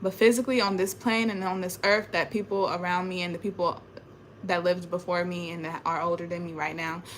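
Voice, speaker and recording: A woman's voice: fairly low pitch, little pitch movement, a little fast, a little hiss or hum. A young adult woman vlogging from home into a phone camera, talking in an emphatic, repetitive, frustrated rant about spiritual matters. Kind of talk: ranting spiritual vlog monologue. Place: at home indoors.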